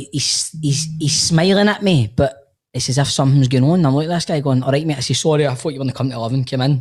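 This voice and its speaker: A man's voice: medium pitch, creaky, a little mellow. A man with a Glasgow accent, a podcast co-host telling a story in casual banter, laughing and swearing as he goes. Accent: Scottish (Glasgow).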